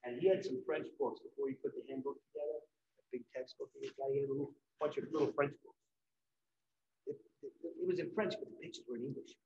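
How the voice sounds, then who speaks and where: A middle-aged man giving a live painting demonstration, telling lively anecdotes and acting out what others said. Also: mid-range voice, quick pace, echoey room, dull audio. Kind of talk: storytelling during a live demonstration. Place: event hall.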